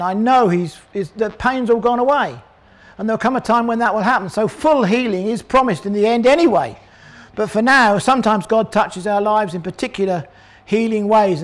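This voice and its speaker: An older man preaching a sermon, animated, acting out the voices of people in the story. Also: sits high. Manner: animated, acts out voices of crowd and characters.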